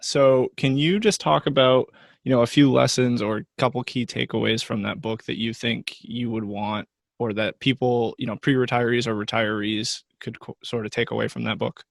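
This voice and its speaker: A man co-hosting a podcast, asking his guest questions in a relaxed, loose way. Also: medium pitch, normal speed, creaky, no echo, studio quality. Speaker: podcast co-host. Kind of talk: conversational podcast interview.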